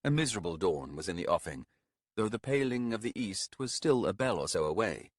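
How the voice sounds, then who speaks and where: A man giving a measured, expressive audiobook narration on a close studio mic. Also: fairly low pitch, dry recording. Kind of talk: scripted narration.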